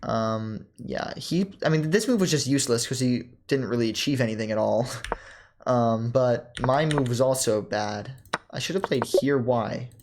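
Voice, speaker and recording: A young man talks through his own chess game at a middling pitch, thinking aloud in a loose, casual way. He stops often on "um", restarts half-finished phrases and lets out small laughs. Keyboard and mouse clicks come through clearly behind him. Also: darkish tone, slight background noise. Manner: halting, self-correcting, many ums and laughs.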